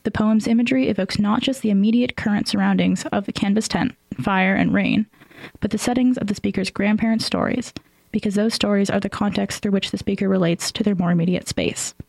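Woman host reading her script, a little creaky, dead dry sound. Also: medium pitch, a little fast, dry recording, low-quality recording. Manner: even, read-from-script delivery. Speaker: radio show host. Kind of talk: scripted analysis and announcements.

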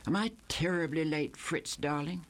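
Cooing, theatrical young cabaret singer, a man pitching his voice way up. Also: normal speed, close to an everyday voice. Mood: gushing. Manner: gushing, affected, theatrical.

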